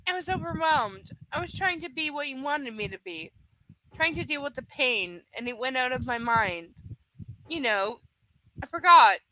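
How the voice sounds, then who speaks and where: A woman's voice: sits high, expressive, moderate pace, sharp tone, slight background noise, rough recording. A woman reading a heartbroken, hesitant young woman. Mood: ashamed.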